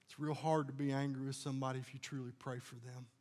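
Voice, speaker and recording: A man's voice: medium pitch, flat delivery, quick pace, a little mellow, in a large hall. A male pastor preaching a sermon in a folksy, conversational way, telling homey stories and sometimes restarting his sentences.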